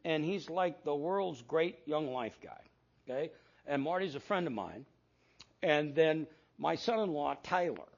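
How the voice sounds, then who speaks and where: Older male pastor with a raspy, gravelly voice. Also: on the high side, lively intonation, unhurried, lo-fi sound. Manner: storytelling with quoted dialogue, self-deprecating asides. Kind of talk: sermon.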